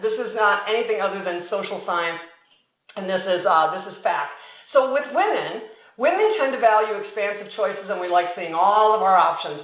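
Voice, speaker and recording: Woman giving an emphatic keynote talk. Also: mid-range voice. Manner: storytelling, emphatic, lively asides to the audience. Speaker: conference speaker. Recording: tinny, echoey hall sound.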